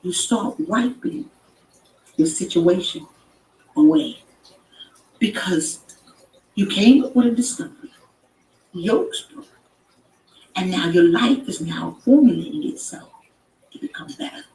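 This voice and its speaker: A woman hosting a live stream, giving an emphatic preaching-style motivational talk that repeats phrases and rises to shouts. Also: lowish voice, lively intonation, measured pace, pauses often, recorded from a distance. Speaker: inspirational live-stream host. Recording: echoey room, off-mic with background noise.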